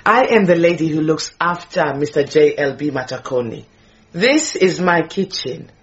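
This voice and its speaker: A woman's voice: low voice, animated, moderate pace. A woman playing a proud, possessive middle-aged housemaid, scolding and wailing theatrically. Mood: haughty. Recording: dull lo-fi radio recording.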